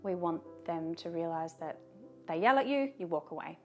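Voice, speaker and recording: Calm low-voiced woman giving advice. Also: soft background music. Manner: calm, measured, firm on repeated commands. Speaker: advice video host. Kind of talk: direct-to-camera advice talk.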